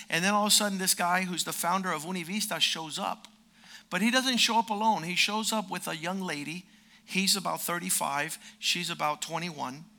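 A man's voice: high-pitched, pushed and bright. A man in his fifties preaching a sermon, telling a personal story and acting out the dialogue, building to emphatic peaks. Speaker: preacher and lawyer.

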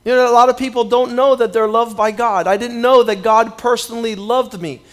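High-voiced man preaching a sermon. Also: brisk. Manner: animated storytelling, dropping low and quiet when acting out his younger self; repeats words at the start of phrases. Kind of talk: sermon with personal testimony.

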